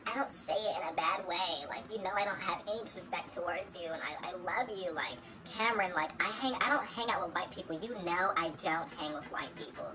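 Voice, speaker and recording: A man's voice: sits high, a little fast, hardly any pauses, crowd noise, pitched above the performer's own voice, lightly acted, low-quality recording. A man voicing a defensive young white woman friend in a fake Valley-girl manner, breezy and dismissive.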